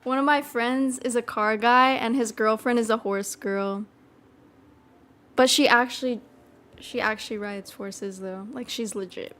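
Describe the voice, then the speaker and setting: A woman's voice: a little high, fairly even intonation, unhurried, fairly bright tone. A young woman chatting casually as a streamer reading chat, rambling, full of fillers and giggles.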